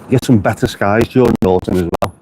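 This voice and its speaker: A man's voice: on the low side, quick pace. A man chatting casually to his live-stream viewers outdoors by the beach, swearing freely and answering their comments. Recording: faint street noise behind the voice. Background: passing traffic.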